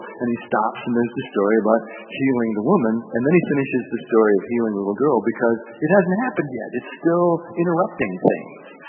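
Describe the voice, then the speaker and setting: A man preaches a sermon and tells the story with animation, playing out each quoted voice. His pitch rises and falls widely. The sound is thin and phone-like, with a long reverb from a large hall.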